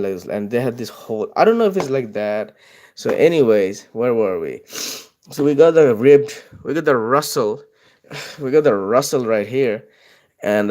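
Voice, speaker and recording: A man's voice: mid-range voice, a little mellow. A man talking casually while drawing, rambling from tangent to tangent with plenty of swearing and chuckles. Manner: profane, tangent-hopping, chuckling often. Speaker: artist drawing on video.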